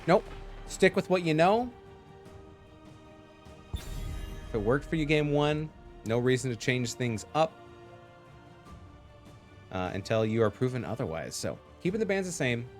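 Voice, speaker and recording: Goofy, lively male esports caster. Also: medium pitch, measured pace, long pauses, faint music behind. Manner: goofy, jokey, animated asides. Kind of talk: live game commentary.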